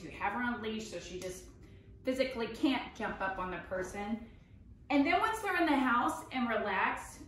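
A woman dog trainer explaining a training session step by step in a chatty way, breaking into excited baby talk with the dog. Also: fairly high pitch, slight background noise. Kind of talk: instructional demonstration. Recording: very echoey room, voice from a distance.

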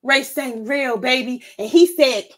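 A woman's voice: sits high, measured pace. A woman hosting a vlog, delivering a heated, profane, confrontational rant. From United States. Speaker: vlog host. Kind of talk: ranting commentary monologue.

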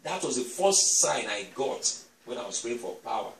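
A man preaching a sermon as an apostle, telling stories that build into shouted declarations, in a church hall. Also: medium pitch, sing-song, moderate pace, a little hiss or hum. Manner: storytelling that swells into shouted declarations. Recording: echoey church hall, distant mic.

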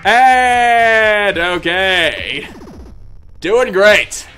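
A man doing angry gameplay commentary, ranting, yelling and cursing at the game, then muttering low under his breath between outbursts. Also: lively intonation, very slow, soft background music. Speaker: gaming video creator.

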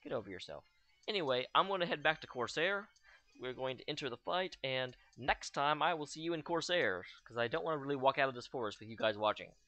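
A man's voice: mid-range voice, lively intonation, fast talker, pushed and bright, dry recording. A young man giving casual, joking commentary over his own gameplay, full of sarcastic asides. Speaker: let's play host.

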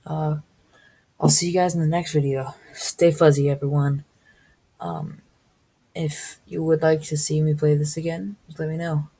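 A woman's voice: low-pitched, little pitch movement, moderate pace, mellow, slightly rough, low-quality recording. A woman hosting a casual let's-play video, exclaiming and gasping at the game. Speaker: gaming video host.

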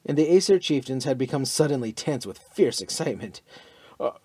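A man narrating an adventure story as an audiobook, in an expressive storytelling manner. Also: mid-range voice, brisk, breathy edge, no echo.

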